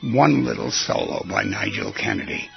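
A man's voice: extremely low pitch, huge pitch swings, normal speed, creaky, lo-fi sound, over music. A man hosting a talk show, musing aloud and asking the listener rhetorical questions. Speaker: radio show host. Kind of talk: reflective talk show monologue.

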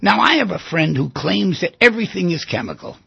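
A gravelly, husky older man talks on a radio show, his pitch sitting a little high and rising and falling a lot as he acts out little scenes. The sound is dry and dull, like an old lo-fi broadcast. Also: sing-song, brisk, no echo. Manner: reflective, acts out patient dialogues. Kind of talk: talk radio monologue.

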